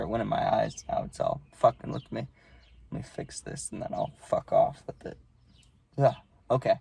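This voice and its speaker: A man's voice: mid-range voice, gravelly, mellow, slightly rough. A young man casually telling a story to camera, rambling and swearing, with lots of "you know" and "right".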